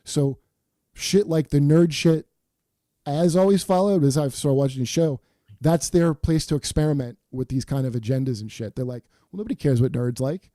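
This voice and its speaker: A man's voice: on the high side, normal speed, mellow, no echo, clean studio sound. A man hosting a comedy podcast, ranting in a profane, emphatic way. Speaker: podcast host. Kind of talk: casual comedy podcast banter.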